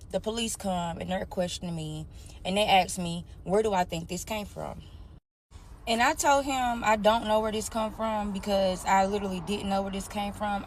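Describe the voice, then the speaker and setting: Candid woman telling her story. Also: mid-range voice. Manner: candid, addresses listeners as y'all. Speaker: storyteller sharing her life. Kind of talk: emotional personal storytime.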